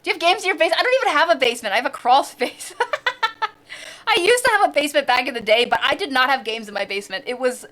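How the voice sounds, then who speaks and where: A woman's voice: high-pitched, expressive, quick pace, a bit bright. A woman from the central United States chatting casually on a live stream, bubbly and giggly, with sudden squeals.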